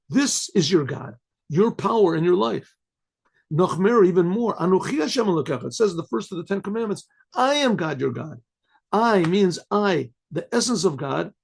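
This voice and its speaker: Older rabbi guy teaching torah, highish gravelly voice, drops yiddish words in, clears his throat a lot. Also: darkish tone. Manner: mixes Yiddish and Hebrew phrases into English. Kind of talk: Torah lecture.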